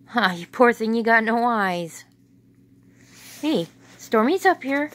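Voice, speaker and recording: A woman's voice: a little high, lively intonation, slow pace, long pauses. Woman cooing playfully at her dogs. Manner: playful baby talk to dogs, chuckling. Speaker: dog owner filming her pets. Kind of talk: casual talk to pets. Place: home indoors.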